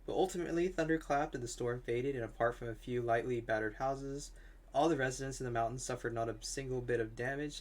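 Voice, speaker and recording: A man voicing a boatman who calmly recounts old legends, read from a game. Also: mid-range voice, close to an everyday voice.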